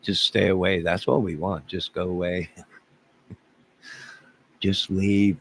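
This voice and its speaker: Low gravelly man around fifty ranting. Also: flat delivery, slow pace, a bit bright. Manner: rambling, exasperated, repeats phrases. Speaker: livestreamer talking to his chat. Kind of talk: rambling livestream rant.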